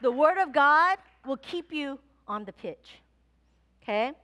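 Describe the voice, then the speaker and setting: A woman pastor delivers a sermon in a church, her voice sitting high. She tells a personal story in a lively way and acts out her own past thoughts as she goes. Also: unhurried. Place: church sanctuary.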